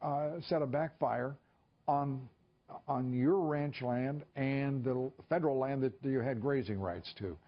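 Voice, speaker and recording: A male television host delivers opinionated news commentary in a mid-pitched voice, pausing with occasional fillers. The broadcast audio sounds dull and lo-fi.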